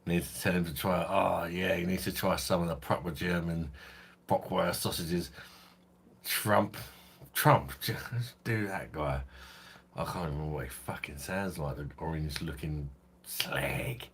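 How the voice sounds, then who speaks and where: Husky deep-voiced London man chatting live. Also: fairly even intonation, normal speed. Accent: London English, softened by years in Kent. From London, England. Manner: sweary, jokey, laughs often, answers chat by name. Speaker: host of a beer review channel livestream. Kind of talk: casual live-stream chat reading viewer comments.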